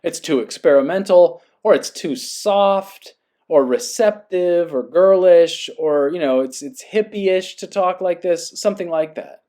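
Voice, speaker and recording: Earnest musing man, fairly high voice. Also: a little slow, warm tone. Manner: earnest, musing, checks in with listener. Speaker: podcast host. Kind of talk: reading aloud and reflective monologue.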